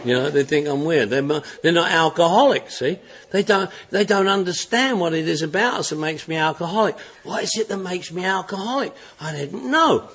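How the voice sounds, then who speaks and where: A man's voice: on the high side, lively intonation, brisk, a bit bright. An older man giving a humorous recovery talk to an audience, telling stories bluntly and repeating refrains. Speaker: recovery meeting speaker.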